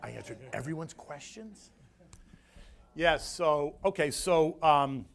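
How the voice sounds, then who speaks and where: A man from the United States, a floor broker speaking as guest, telling a story in a rambling, animated way that repeats his words. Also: on the high side, slow pace, vocal fry. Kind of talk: casual emotional storytelling talk.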